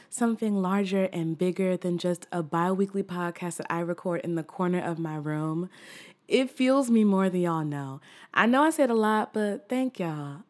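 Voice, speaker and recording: A woman hosting her own podcast from the corner of her room, delivering an earnest, expressive monologue with casual slang and easy laughs. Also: mid-range voice. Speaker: podcast host.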